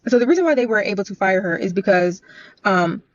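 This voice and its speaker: Woman rattling off a story about a coworker, quick and explaining, dull dry sound. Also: medium pitch, expressive, no room sound. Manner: fast, explanatory. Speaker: bank employee telling a story. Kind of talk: casual storytime vlog.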